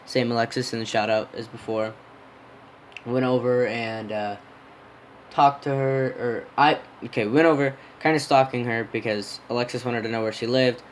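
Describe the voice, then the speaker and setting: A man's voice: medium pitch, fairly even intonation, moderate pace, slight background noise, low-quality recording. A young man casually telling a rambling personal story on his podcast, yawning and smacking his lips. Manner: rambling, self-interrupting, yawning and lip-smacking. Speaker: podcast host.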